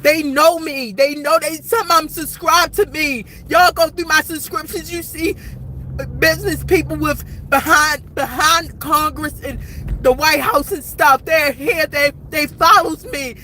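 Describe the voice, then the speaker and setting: A woman's voice: high-pitched, unhurried, pushed and bright, rough recording. A woman in her forties recording an impassioned, rambling vlog rant outdoors at night, repeating herself as she talks. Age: 40s. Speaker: vlogger.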